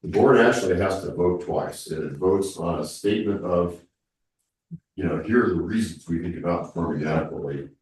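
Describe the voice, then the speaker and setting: A man with a very low, congested voice leads a town board discussion, circling back and restarting his sentences. He sounds far from the mic, and a heavy room echo hangs on every word. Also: brisk, a little mellow. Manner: rambling, full of restarts. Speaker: board member leading a town meeting. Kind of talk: public meeting discussion.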